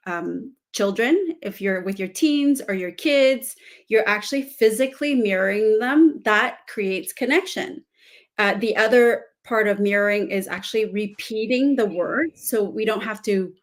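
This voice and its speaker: A woman coach as a guest in a casual interview chat, reflective and thinking aloud with many fillers. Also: mid-range voice.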